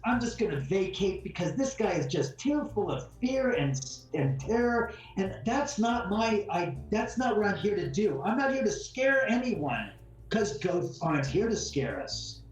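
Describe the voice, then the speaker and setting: Talkative man in an echoey room. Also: high-pitched. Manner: talkative, animated, acts out quotes. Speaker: homeowner guest. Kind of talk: casual conversational storytelling. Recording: very echoey room, far from mic, faint music.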